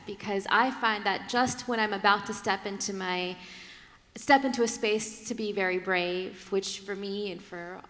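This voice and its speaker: A woman speaking candidly on a conference panel, animated and quick to laugh, slipping into different voices as she tells her story. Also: medium pitch. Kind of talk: candid personal talk on a panel. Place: large conference hall. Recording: long reverb of a large hall.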